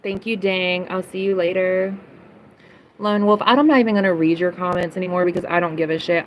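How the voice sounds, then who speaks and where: A woman's voice: on the low side, fairly even intonation, a little fast, a little hiss or hum, poor audio. A young woman livestreaming, ranting at chat comments in a heated, profane way and repeating lines for emphasis. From United States.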